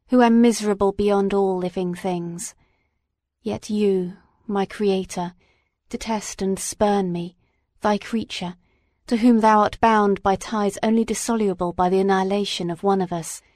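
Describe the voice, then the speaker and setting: A woman reading aloud and voicing a huge, wretched male creature who speaks in a slow, grave, aggrieved way. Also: medium pitch, darkish tone, no room sound, clean studio sound, natural voice. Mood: bitter.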